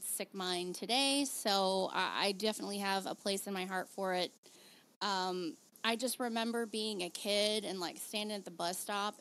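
A woman hosting a podcast in casual, animated chat, laughing easily as she talks. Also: mid-range voice. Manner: chatty, animated, quick laughs. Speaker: podcast host.

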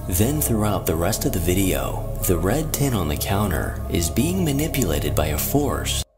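A man giving scripted narration in a measured, informative delivery. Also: deep voice, big pitch swings. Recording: narration over music.

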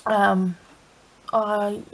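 A woman's voice: mid-range voice, flat delivery, very slow, poor audio. A young woman from England talking emotionally in a confessional vlog, tearful and filling her talk with "like". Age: young adult. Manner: emotional, tearful, frequent "like" fillers. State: crying. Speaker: vlogger.

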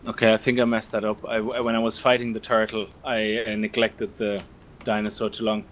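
A man hosting a let's play, chatting casually and explaining game mechanics in a relaxed way. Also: on the low side, brisk, a little hiss or hum. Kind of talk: casual gameplay chat.

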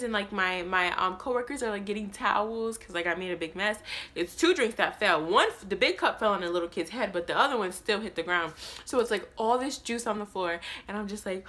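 A young woman tells a story on her vlog in a bright, clear voice. She rambles, restarts her sentences and tells it in an animated way. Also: mid-range voice, moderate pace. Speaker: vlogger.

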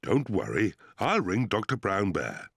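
A man's voice: fairly low pitch, huge pitch swings, a little slow, a bit bright, full character voice. A man voicing a proud, bumbling father pig in a cartoon, with a hearty, self-assured manner. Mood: cheerful. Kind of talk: cartoon voice acting. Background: music.

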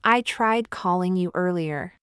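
A woman reading English practice phrases slowly and clearly for learners, saying each one twice. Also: fairly low pitch, fairly bright tone, no room sound, clean studio sound.

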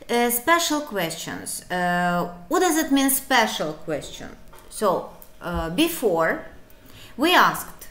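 Woman, English teacher, slow and lively, playful asides, echoey room. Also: a little high. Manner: animated, encouraging, with playful asides. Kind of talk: online language lesson.

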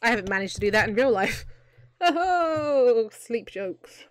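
A young woman plays a video game on stream while keeping up chatty, giggly commentary and cracking jokes, often laughing out loud. Her voice is fairly high with lively intonation and a measured pace, heard in studio quality with no room sound.

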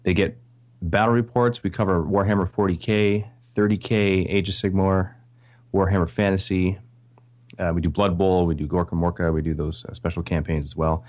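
A man from Canada speaks with a Canadian accent and a notably deep, low voice. He chats as a podcast guest, friendly and grateful, with a light, self-deprecating touch. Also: fairly even intonation, moderate pace, a little mellow. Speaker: podcast guest, video creator. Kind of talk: casual interview chat.

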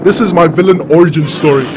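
A man hosting a reaction video, exclaiming and laughing often as he comments excitedly. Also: a little high, gravelly.

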